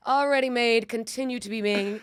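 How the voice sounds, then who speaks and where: Chatty woman podcast host, smooth, dry sound. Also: a little high, brisk, no room sound. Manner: chatty, swears freely, plugs her tour dates. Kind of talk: casual podcast chat.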